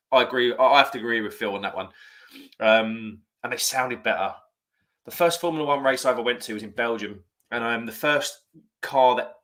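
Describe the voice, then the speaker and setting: Bright-voiced chatty man. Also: medium pitch. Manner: chatty, rambling, self-correcting. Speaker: live stream host. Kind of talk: casual live-stream chat, reading viewer comments.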